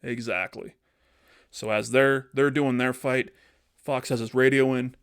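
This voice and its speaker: A man's voice: medium pitch, fairly even intonation, clear, resonant tone, no room sound, clean studio sound. A man co-hosting a podcast, telling a story in a loose, rambling way on a podcast mic. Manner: loose and rambling, slipping into quick character voices. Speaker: podcast co-host. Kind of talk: casual improvised storytelling.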